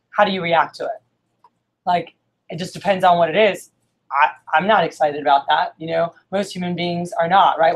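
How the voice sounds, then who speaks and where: A woman telling a story to a group in a casual, chatty way. She fills her speech with "like" and keeps checking in with "right?". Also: on the low side. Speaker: speaker at a group meeting.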